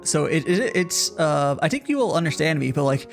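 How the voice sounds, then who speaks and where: A man's voice: a little high, sing-song, fairly quick, creaky, soft background music. A man hosting a casual chat, rambling and hesitant, often trailing off mid-thought. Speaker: host.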